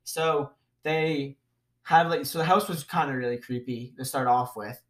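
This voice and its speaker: A man co-hosting a casual podcast chat, speaking in a hesitant, halting way. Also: mid-range voice, a bit bright. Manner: hesitant, halting, full of "like" fillers. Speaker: podcast co-host.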